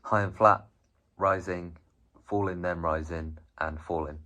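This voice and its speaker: A man's voice: deep voice, steady tone, a little slow, sharp tone. A man presenting a casual, chatty language lesson on video, rambling a little with frequent ums and restarts. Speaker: video presenter teaching Chinese.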